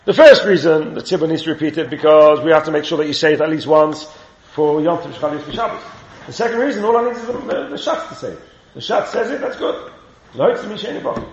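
Fast and fairly high-pitched, with lively intonation, a man teaches Torah to a class, quizzing his students and chanting the Hebrew sources he brings up. The lively Talmud lesson is captured in a roomy, dull lo-fi recording with faint hiss.

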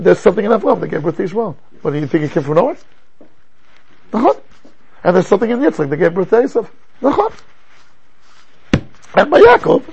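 An older man teaching a class as a rabbi, lecturing in an animated way and asking rhetorical questions. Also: high-pitched, breathy edge.

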